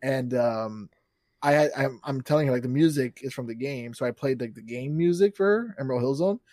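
A man's voice: medium pitch, a little fast, a little mellow, no room sound, clean studio sound. A man in his thirties, a podcast co-host, chatting casually and animatedly, acting out quotes and laughing often. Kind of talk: casual chat.

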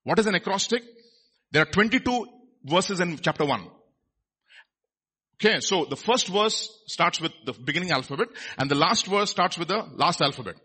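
Pastor guy preaching, keeps asking the crowd stuff, bright kinda husky voice. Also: high voice. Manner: animated preaching with questions to the congregation. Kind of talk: sermon.

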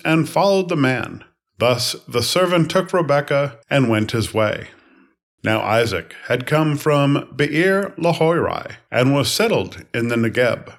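A man giving a measured, unhurried reading of scripture passages. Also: medium pitch, creaky. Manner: calm, even, unhurried phrasing. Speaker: scripture reader.

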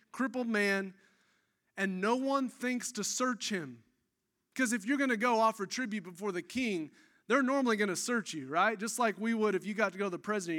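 Excitable high-voiced male preacher. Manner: animated, excitable, dramatic storytelling with casual asides. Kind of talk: energetic sermon storytelling.

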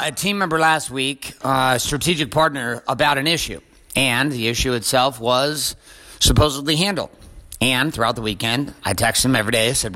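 A man's voice: medium pitch, pushed and bright. A middle-aged man hosting a motivational show, ranting bluntly and profanely with lots of driving repetition. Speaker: podcast host and coach. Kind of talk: intense motivational rant.

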